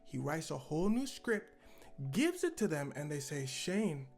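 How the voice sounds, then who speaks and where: A woman's voice: low-pitched, very animated, normal speed, vocal fry, darkish tone, faint music behind. A woman co-hosting a casual reaction show, telling a story with animation and acting out the quoted lines. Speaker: co-host.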